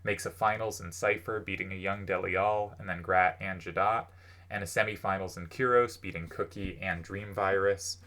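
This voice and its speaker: Low voiced dude rambling about old card game players, loose and chatty with lots of ums. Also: male voice, steady tone, moderate pace, sharp tone. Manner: conversational, thinking aloud with many fillers. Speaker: host. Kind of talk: casual commentary on game history.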